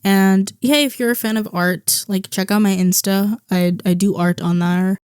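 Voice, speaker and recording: A woman's voice: mid-range voice, normal speed, a little mellow, clean tone, no room sound, studio quality. A young woman vlogging a casual, rambling movie review, tired and chatty, full of "like" and "um".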